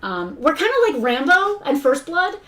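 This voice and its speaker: Chatty woman co-host, slightly high voice, laughs easily, unscripted livestream banter. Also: big pitch swings, moderate pace, a bit bright. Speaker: co-host of a live toy shop stream. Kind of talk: casual livestream chat.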